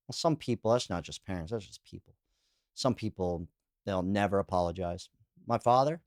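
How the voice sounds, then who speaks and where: A man's voice: sits low, darkish tone, no echo, clean studio sound. A man hosting a podcast, talking through read-out comments in a loose, candid, rambling way, full of "you know" and "like". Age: adult, calls himself too old. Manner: laughs while telling anecdotes. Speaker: podcast host. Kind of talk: casual solo monologue, reacting to read-out comments.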